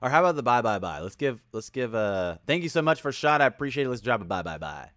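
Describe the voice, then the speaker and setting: A young man hosting a casual livestream, rambling and energetic, greeting viewers by name and sometimes yelling. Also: mid-range voice, fast talker. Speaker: livestream host.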